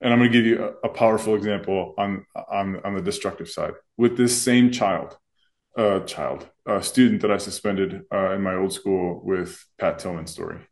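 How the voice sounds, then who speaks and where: A deep, steady male voice moving at a moderate pace. He co-hosts a podcast as a school administrator and parent, reflecting earnestly on school leadership in a casual chat.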